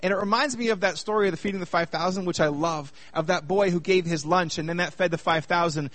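Animated man preaching, high voice, dry close recording. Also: fast, no room sound. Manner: animated, asks the audience many rhetorical questions. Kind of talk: sermon.

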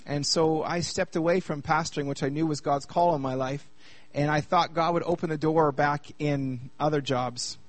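A man from Canada in his thirties giving a personal testimony talk to a live group, joking with the crowd and then speaking more quietly about hard times. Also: fairly high pitch, normal speed, dry recording. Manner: lively and chatty with the audience, turning quieter while telling a hard personal story. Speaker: speaker at a youth gathering.

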